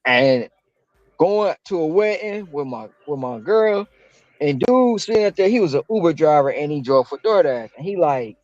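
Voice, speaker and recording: A man, a delivery driver, telling a story in casual chat, slangy and animated, acting out quotes with big jumps in pitch. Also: normal speed, dry recording. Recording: dull dry lo-fi sound.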